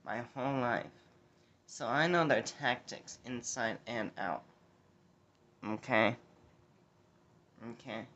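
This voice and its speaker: A man puts on a scattered woman politician who rambles in a slow, drawn-out delivery and keeps tacking "okay?" onto her lines. She sounds emotional, veers off topic, and circles back to the same points. The recording is dull and lo-fi. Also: mid-range voice, a bit bright. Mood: rambling. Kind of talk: comedic impression sketch.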